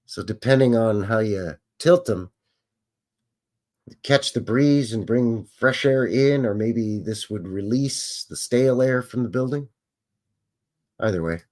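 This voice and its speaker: A man's voice: mid-range voice, a little slow, a little mellow. A man hosting a live show, chatting casually and joking as he reacts to what he is looking at. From Canada. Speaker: host. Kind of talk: casual live commentary on old photos.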